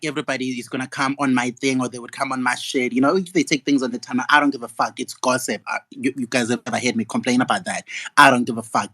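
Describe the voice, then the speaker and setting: Young guy ranting mad into his phone, swearing nonstop, mid-pitched voice. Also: pushed and bright, no echo. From South Africa. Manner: profane, indignant, mocking. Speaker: gossip vlogger. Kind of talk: angry ranting monologue.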